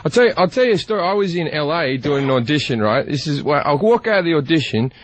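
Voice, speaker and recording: A man's voice: fairly high pitch, very animated, fast talker, a little hiss or hum. A man with an Australian accent, a guest comedian telling brash anecdotes in a radio studio and laughing through his own punchlines. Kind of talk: comic storytelling on radio.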